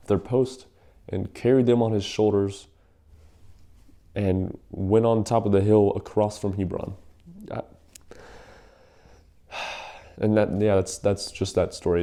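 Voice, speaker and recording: Young guy with a real dark low voice, slangy rambling bible story recap. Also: steady tone, measured pace, pauses often. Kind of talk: casual Bible story retelling.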